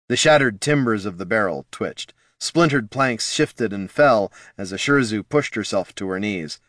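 A man narrating a fantasy audiobook in a measured, dramatic manner. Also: fairly low pitch, expressive, a bit bright, dry recording, clean studio sound.

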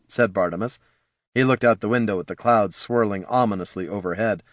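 A man narrating a fantasy story in a wry, expressive reading. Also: fairly low pitch, moderate pace, no echo, studio quality.

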